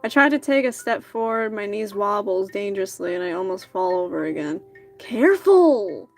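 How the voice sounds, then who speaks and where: A woman's voice: mid-range voice, fairly even intonation, brisk, faint music behind. A woman streamer reading a dating game's narration aloud, with casual asides.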